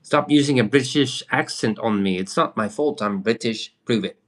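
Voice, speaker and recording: A young man hosts a livestream, chatting loosely in a medium-pitched voice at normal speed. He swears now and then and answers comments from viewers.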